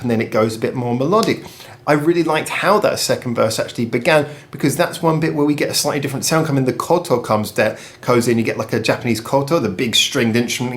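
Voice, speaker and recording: A man, a music reviewer talking casually and enthusiastically about a song, often correcting himself as he goes. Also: a little high. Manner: chatty, self-correcting, enthusiastic.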